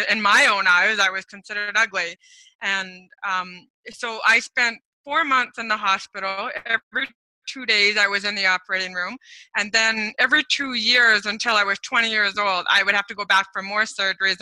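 A woman's voice: medium pitch, sharp tone, no echo, low-quality recording. A middle-aged woman guest, a speaker, telling her life story candidly in a casual interview with frequent fillers. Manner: candid, laughs easily, many fillers.

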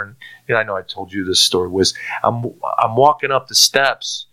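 A middle-aged man giving a personal faith testimony in an earnest, halting way, often restarting and repeating words. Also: medium pitch, fairly even intonation, bright, forceful tone. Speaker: testimony speaker.

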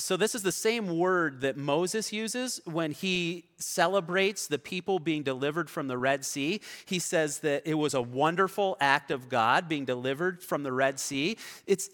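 A man preaching a sermon as pastor, telling stories in a conversational way that swings between loud and soft. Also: a little high. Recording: long reverb of a large hall.

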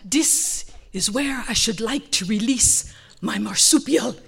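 Lady doing her nigerian hubby, all formal and grand, bright voice. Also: a little high, slow, creaky, heavily acted. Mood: grandly proud. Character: earnest formal Nigerian husband, grandly proud.

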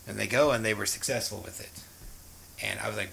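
A man's voice: lowish voice, fairly even intonation, fast talker, gravelly, bright, forceful tone, a little hiss or hum, low-quality recording. A man frankly telling the story of his past drug use, rambling with fillers and restarts. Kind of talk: candid personal storytelling.

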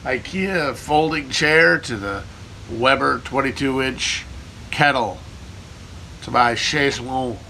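A man's voice: mid-range voice, slow pace, gravelly, pushed and bright, a little hiss or hum. A man hosting a casual livestream, answering viewer questions in a rambling, irreverent, profane way. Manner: irreverent, profane, riffing, jokey. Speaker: livestream host answering chat.

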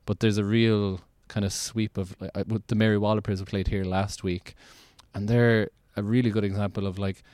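An Irish man hosts a casual podcast chat with a low, unhurried voice. He wanders through his thoughts, restarting sentences and leaning on fillers. The sound is dry and close. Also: little pitch movement, a little mellow, no echo. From Ireland. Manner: rambling, many restarts and "like" fillers. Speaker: podcast host.

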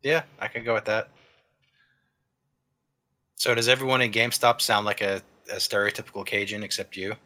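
A man's voice: fairly low pitch, fairly even intonation, moderate pace, pauses often, pushed and bright. A young man in casual podcast chat, making blunt, sardonic remarks.

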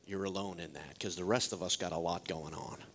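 A man's voice: sits low, a little fast, slight background noise. A male pastor preaching a sermon in a joking way, asking the congregation many questions. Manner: lively, joking, rhetorical questions.

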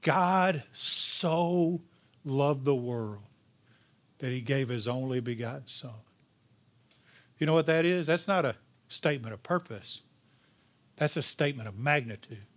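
A man preaching a sermon as pastor, emphatic, rising in pitch and then dropping to a hushed, slow delivery. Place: church sanctuary.

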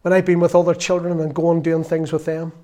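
A man in his fifties preaching a sermon in an earnest, conversational way, at times dropping to a soft confessional tone. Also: fairly high pitch, completely flat delivery, a little fast. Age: 50s.

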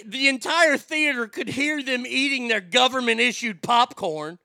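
A man's voice: extremely high pitch, vocal fry, sharp tone, smooth, no room sound, studio quality. A man telling a story as an angry, swearing rant, heated and indignant.

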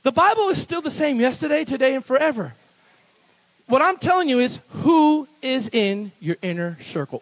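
A man preaching a sermon as pastor at a church service, animated and playful, breaking into laughs between bold declarations. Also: extremely high pitch, normal speed, poor audio.

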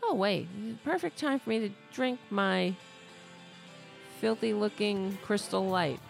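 A woman's voice: medium pitch, slow pace, creaky, faint music behind. A woman hosting a podcast, ranting sarcastically in a casual political commentary. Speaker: podcast host.

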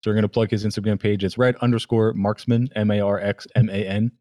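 A man hosting a podcast in casual chat, relaxed and a bit profane, with many fillers. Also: lowish voice, fast. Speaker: podcast host.

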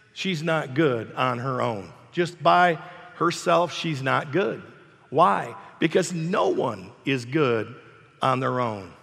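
A man's voice: on the high side, vocal fry, a bit bright, big-room sound. An older man preaching a sermon as pastor, emphatic and repetitive, in a church sanctuary.

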